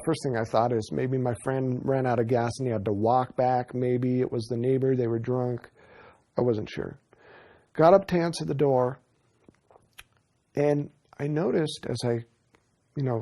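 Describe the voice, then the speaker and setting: A man's voice: mid-range voice, creaky, warm tone. A man in a documentary interview, telling his story in an earnest, rambling way with frequent restarts. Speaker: interviewee recounting an experience.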